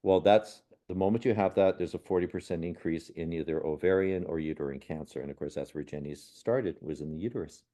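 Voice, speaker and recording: Mellow low-voiced man telling stories. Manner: earnest, unhurried, with soft laughs and restarts. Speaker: guest, spiritual medium and healer. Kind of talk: reflective personal storytelling in a podcast conversation.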